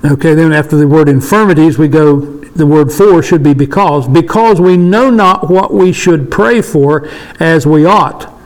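High-voiced man in his sixties teaching scripture. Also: a little slow, hardly any pauses, rough recording. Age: 60s. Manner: emphatic, repeats points for stress. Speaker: Bible study leader. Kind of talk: casual Bible study discussion.

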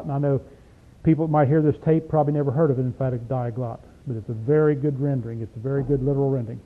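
A man with a drawl leads an informal Bible study, drawing out each verse before he unpacks it in plain, emphatic talk. His voice sits a little high for a man. It comes through a thin, phone-like old tape recording. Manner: folksy, emphatic, reads verses slowly then explains. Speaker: Bible teacher.

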